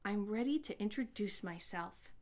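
A woman voicing a shy young Korean schoolgirl in a storybook reading, speaking softly and carefully. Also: medium pitch, moderate pace, natural voice. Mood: earnest.

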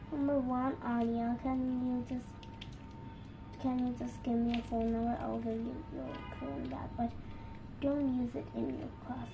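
High-voiced woman playing pretend school. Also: vocal fry. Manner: switches between teacher and pupil voices. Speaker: toy play narrator. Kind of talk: playful pretend-school role-play. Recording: noisy home recording.

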